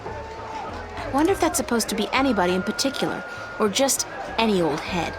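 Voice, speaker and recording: A woman's voice: medium pitch, sing-song, a little fast, music in the background, crowd noise, close to an everyday voice. An actress voicing a young female adventure-game heroine who makes dry, wry remarks on what she sees. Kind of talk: video game voice acting.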